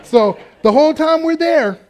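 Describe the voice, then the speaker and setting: A man's voice: very high-pitched, moderate pace, a faint crowd. A man preaching a sermon, telling a story with jokes and acting out the voices of the people in it. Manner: animated, joking, acts out quoted voices. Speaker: pastor.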